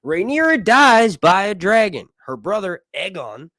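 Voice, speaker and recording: A man hosting a live show, chatting casually through a reaction and analysis, rambling and excitable, swearing freely and laughing often. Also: sits high, measured pace, no echo, studio quality. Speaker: livestream show host.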